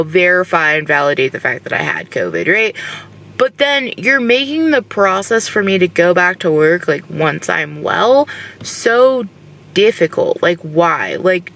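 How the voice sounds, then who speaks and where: Frustrated rambling woman vlogger, bright gravelly voice. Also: mid-range voice, very animated, measured pace, poor audio. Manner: frustrated, rambling, says "like" constantly. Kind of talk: casual vlog rant. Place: in her car.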